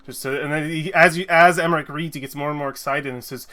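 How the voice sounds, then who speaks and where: A man narrating as game master in a tabletop game, animated and full of fillers. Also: a little high, fast talker.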